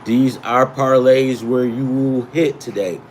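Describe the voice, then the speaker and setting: A man's voice: mid-range voice, fairly even intonation, takes it slowly, darkish tone, a little hiss or hum. A man hosting a sports betting livestream, rambling and repeating himself as he gives emphatic tips and chats with viewers. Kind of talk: casual livestream talk.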